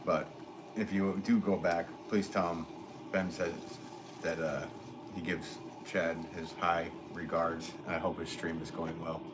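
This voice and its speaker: A man's voice: sits low, flat delivery, measured pace. A man from Connecticut, a potter, chatting casually and reading out comments on a live stream. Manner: rambling, easygoing, many fillers. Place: pottery studio. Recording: noisy background.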